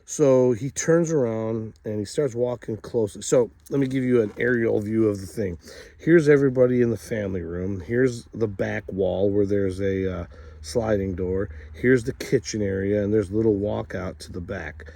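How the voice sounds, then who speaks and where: A man telling a funny story to camera in an animated way, dropping quiet asides between loud acted quotes. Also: on the low side, moderate pace, gravelly, no echo. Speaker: storyteller host.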